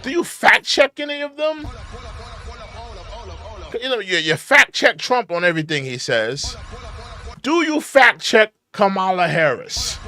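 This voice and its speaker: This is a man in his thirties hosting a commentary show, reacting to clips with exasperated, looping rants full of mocking slang. His voice sits fairly high and bright. It leaps around in pitch as he talks. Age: 30s. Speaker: political commentary host.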